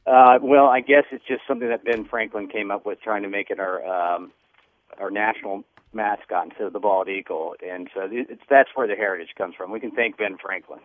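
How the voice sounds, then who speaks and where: Southern male chef guest, low voice, halting, phone line. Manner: halting, filler-heavy. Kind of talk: radio interview by phone. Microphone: telephone.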